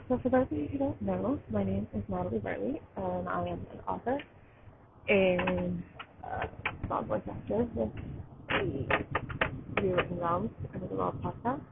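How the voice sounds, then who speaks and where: A tired, allergy-stricken woman hosting a poetry podcast live, chatting in a rambling, excited way while sitting outdoors. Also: mid-range voice, measured pace, vocal fry. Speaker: podcast host reading poetry. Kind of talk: casual live-stream chat. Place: outdoors, train in the distance. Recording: tinny phone-like sound, faint outdoor noise.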